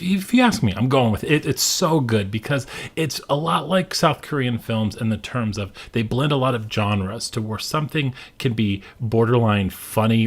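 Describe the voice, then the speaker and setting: A young man hosting a casual movie countdown, enthusiastic and repeating his praise often. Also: lowish voice. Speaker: host.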